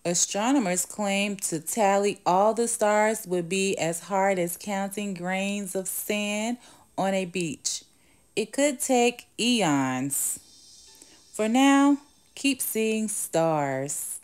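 A woman reading a nonfiction picture book aloud for children, in a clear and expressive storytelling manner. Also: medium pitch, takes it slowly.

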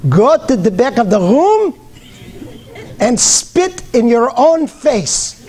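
A man voicing an irritable old male immigrant Hebrew teacher who yells in a very high, thick-accented voice. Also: sing-song, takes it slowly, background noise, full character voice. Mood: scolding. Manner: yelling.

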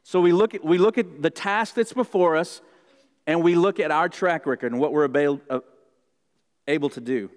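A man preaching a sermon as pastor, earnest and repeating key lines for emphasis, heard in a church sanctuary. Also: moderate pace. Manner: earnest, repeats key phrases, shifts pitch for quotes. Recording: long hall reverb in a church.

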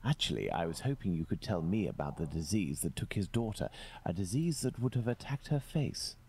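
An actor playing Sherlock Holmes, a calm, inquisitive male detective, in a video game, speaking politely and in a measured way. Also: low-pitched, slightly rough, heavily acted.

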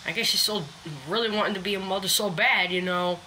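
A woman who keeps backyard chickens films her hens on her phone and talks about them casually, with many restarts and fillers. She talks fast in a steady, bright, forceful medium-pitched voice. The phone-camera recording is rough, with a little hiss or hum.

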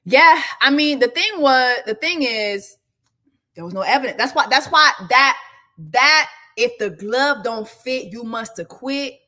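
A woman hosting a casual celebrity gossip show, talking loud and profane, laughing often and reading viewer comments aloud. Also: sits high, animated, a little slow. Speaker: show host.

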